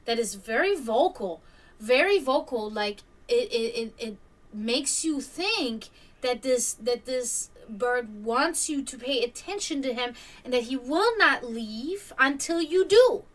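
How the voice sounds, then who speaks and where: A woman's voice: on the high side, expressive, takes it slowly, far from the mic. A woman hosting a stream, telling a story casually, rambling with many fillers and restarts. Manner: imitates hawk caws. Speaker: stream host.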